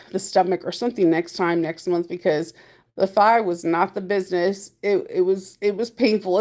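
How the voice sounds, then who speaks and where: A woman's voice: fairly low pitch, darkish tone. A woman chats through a casual daily vlog from her car, rambling from one thing to the next. She laughs often and acts out little moments from her day as she talks. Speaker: vlogger. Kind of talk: casual chat.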